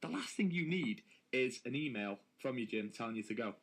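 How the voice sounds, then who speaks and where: An English man in a local radio studio, co-hosting a comedy show. His voice sits at a medium pitch, and he banters in a loose, teasing way, laughing easily at his partner's jokes. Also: animated, fairly quick, a bit bright, husky. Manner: jokey, giggly, teasing banter. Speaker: radio co-host. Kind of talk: casual comedy chat.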